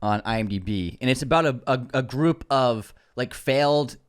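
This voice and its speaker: Sex: man. Role: podcast co-host. Style: news rundown read from notes. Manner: brisk, with relaxed asides. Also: medium pitch, clean tone. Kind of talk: reading out movie news items.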